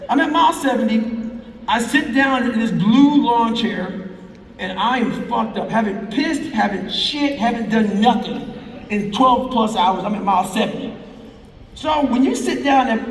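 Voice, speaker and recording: A middle-aged man telling a profane, intense story to a live audience as a motivational speaker. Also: sits high. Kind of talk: live storytelling talk on stage. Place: large hall with a live crowd. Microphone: stage speech heard from the crowd on a fan's camera. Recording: roomy, far-off hall recording from the crowd.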